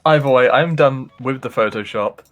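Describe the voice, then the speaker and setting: A man's voice: medium pitch, moderate pace, fairly bright tone, soft background music. A man casually commentating a live speedrun race, joking and chatty with frequent laughs.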